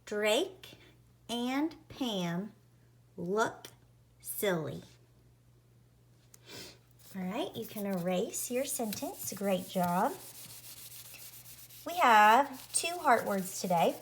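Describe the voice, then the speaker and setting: A woman teaching a phonics lesson to young children, sounding out each letter slowly and clearly. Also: mid-range voice, animated.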